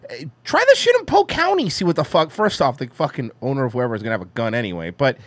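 A man's voice: mid-range voice, sing-song, quick pace, no echo. A man hosting a podcast, commenting on videos with casual, profane sarcasm. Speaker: podcast host.

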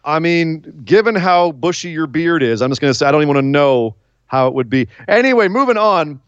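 A male podcast co-host chatting casually, joking and throwing in quick asides. His voice sits a little high. The recording is dry and a touch dull. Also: expressive, clear, resonant tone, no room sound. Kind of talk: casual chat.

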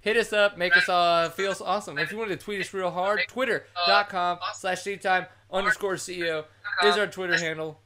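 A man's voice: sits high, steady tone, fairly quick, crowd noise. Brash joking male podcast host. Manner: brash, joking, crude humor. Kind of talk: casual chat.

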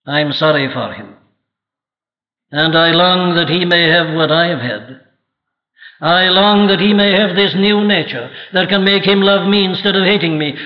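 A man preaching a sermon from Wales with an emphatic, dramatic delivery. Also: high-pitched. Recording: echoey hall, dull archival audio.

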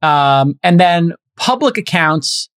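A man's voice: a little high, animated, slow pace, a bit bright, clean tone, no room sound. A middle-aged man hosting a podcast, chatting casually and thinking aloud with plenty of fillers. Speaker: podcast host.

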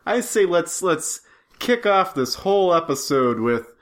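A man's voice: high-pitched, sing-song, a little slow. A man co-hosting a podcast in casual chat, joking and rambling with his friend. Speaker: podcast co-host.

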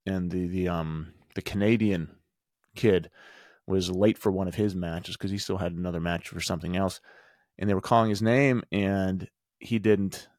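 Deep-voiced man preaching earnest life lessons. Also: darkish tone, no room sound, clean studio sound. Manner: earnest, conversational, preachy rhetorical questions. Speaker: podcast host and men's group coach. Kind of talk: motivational storytelling monologue.

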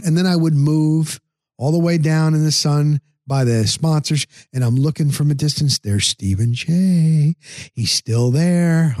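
Male podcast host, fairly high voice, dry close sound, animated raconteur who acts out the dialogue. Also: no echo. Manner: animated, acts out quoted dialogue with big pitch jumps; casual, swears freely. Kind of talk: storytelling on a podcast.

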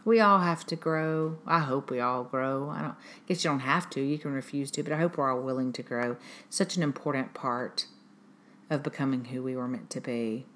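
A woman's voice: very deep voice, moderate pace, a bit bright, a little hiss or hum. A woman hosting a podcast, giving parenting advice in casual talk, earnest and emphatic, often repeating her points. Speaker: podcast host.

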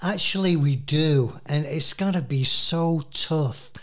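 Slow-talking rambling male radio host. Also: a little high, fairly bright tone. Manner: rambling, full of fillers and restarts. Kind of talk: casual music chat.

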